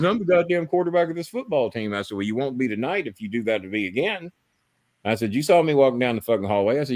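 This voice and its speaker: Here a man of medium pitch hosts a live podcast in a dry recording. His casual storytelling runs long and rambling, animated and full of profanity.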